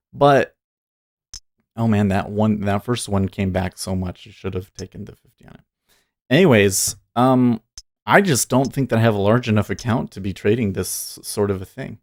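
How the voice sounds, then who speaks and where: Rambling low-voiced man hosting a live stream. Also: no echo, studio quality. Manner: thinks aloud, rambling and laughing often. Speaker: day trading livestream host. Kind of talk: casual livestream commentary.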